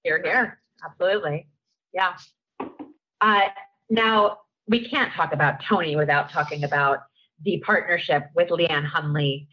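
Female interviewer, affirming, lowish voice, dull lo-fi sound. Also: a little slow, pushed and bright. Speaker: interview host. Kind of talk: interview questions. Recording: dull lo-fi audio.

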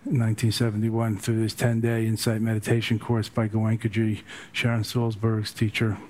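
A man's voice: on the low side, completely flat delivery, moderate pace, darkish tone. An older man tells meditation stories in a loose, joking way. He wanders between anecdotes as a teacher speaking to a group. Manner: chatty, humorous, digressive. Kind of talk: storytelling dharma talk.

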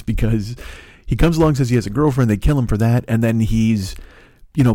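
A man's voice: mid-range voice, expressive, fast talker, warm tone, no room sound, studio quality. A middle-aged man hosting a comedy podcast, ranting in a profane, exasperated way. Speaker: comedian host.

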